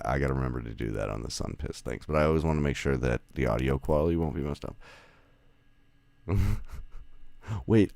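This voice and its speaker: Extremely low-pitched, gravelly, and darkish, this man's voice comes through a dry recording. He hosts a podcast, casually talking with guests on an audio call, rambling, correcting himself, and laughing often.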